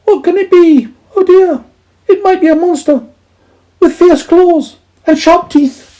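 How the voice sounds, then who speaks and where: Squeaky frightened storybook mice. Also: male voice, unhurried, warm tone. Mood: panicked. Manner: panicky, shrill, all at once.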